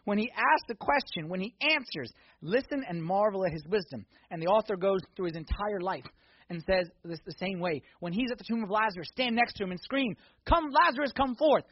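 High, husky-voiced preacher. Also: male voice, fairly quick, dry recording, highs cut off. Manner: swings from hushed intensity to loud excited exhortation. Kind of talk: sermon. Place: church sanctuary.

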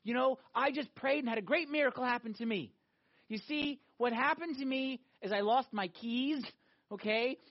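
A smug, overly pious young Christian woman, mimicked by a man drawls each word in a high, syrupy sing-song of false sympathy. The recording is dull and lo-fi. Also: dry recording.

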